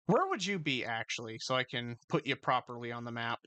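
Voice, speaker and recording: A man narrating a tabletop game as game master, halting and full of fillers, over a voice call. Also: medium pitch, very animated, bright, forceful tone. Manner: halting, filler-heavy narration with frequent laughs.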